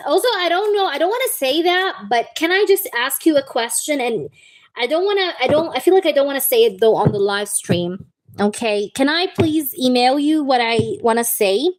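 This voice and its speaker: A woman's voice: high voice, lively intonation, moderate pace. A woman giving a live-stream tarot reading, chatty and reassuring, often checking in with "okay?" and calling the viewer "baby". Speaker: tarot reader.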